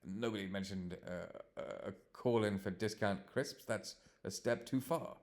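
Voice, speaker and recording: A stern male alien warrior who speaks stiffly and with open disapproval, as a man puts him on. The voice is low and held back. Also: a little slow. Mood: disapproving.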